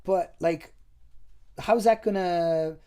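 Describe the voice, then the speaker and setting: Man from Chile hosting a podcast, easygoing casual chat, mellow, dark tone. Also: high voice, takes it slowly, smooth. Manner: relaxed, agreeable, says yeah and you know what I mean often. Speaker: podcast host. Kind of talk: casual conversation.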